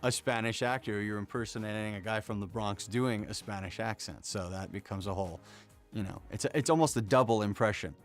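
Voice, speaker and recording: Man, voice actor, interview, thoughtful, somewhat low voice, faint music behind. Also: fairly quick. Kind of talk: reflective interview talk.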